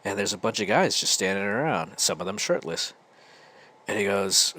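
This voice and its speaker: A man's voice: fairly low pitch, lively intonation, moderate pace, pushed and bright. An American man hosting a podcast, telling a casual, rambling story full of restarts. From United States. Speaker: podcast host.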